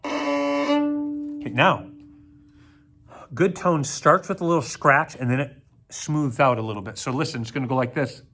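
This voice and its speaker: A man's voice: on the high side, expressive, measured pace, vocal fry, long pauses, fairly bright tone, soft background music. A man teaching an orchestra video lesson to children, counting aloud, joking with them and demonstrating on string instruments. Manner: jokey, playful asides to kids. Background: plucked string instrument demonstrations.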